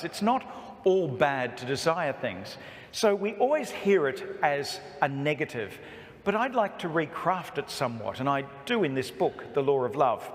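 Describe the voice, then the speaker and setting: A priest from Australia giving an emphatic talk to a parish, with humor and stories woven in. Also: male voice, fairly high pitch. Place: church. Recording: echoey church hall reverb.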